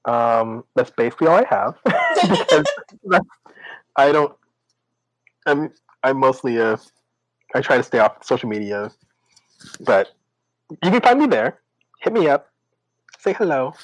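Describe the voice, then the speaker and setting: Giggly animated young man, dry sound. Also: medium pitch, a little slow, long pauses, dry recording, rough recording. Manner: giggly, animated, stumbles over words. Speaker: podcast guest. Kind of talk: casual interview chat.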